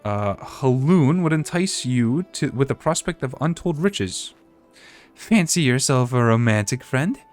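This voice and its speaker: A man's voice: medium pitch, expressive, unhurried, a little mellow, faint music behind, natural voice. A man voicing a flowery, theatrical woman quest giver, reading game dialogue aloud with grandiose, rambling delivery.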